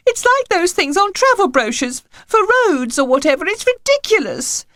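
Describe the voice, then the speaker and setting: A woman voicing a tearful, fussy suburban housewife who complains in a shrill, wailing voice, close to tears. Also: big pitch swings, fairly quick, gravelly, bright, forceful tone, no room sound, exaggerated voice. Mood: indignant.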